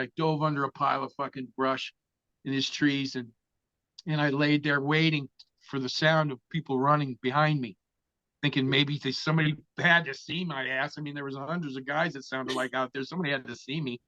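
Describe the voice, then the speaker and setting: A man's voice: medium pitch, fairly even intonation, a little fast, bright, forceful tone, dry recording. A man telling a story as an interview guest, casual and full of swearing. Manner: profane, vivid storyteller. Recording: dull, dry lo-fi sound.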